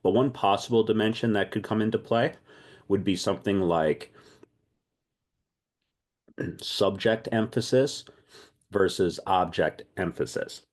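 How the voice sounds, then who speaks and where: A man leading an online language class, lively and thinking aloud, often repeating himself. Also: fairly low pitch, measured pace, pauses often. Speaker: language teacher.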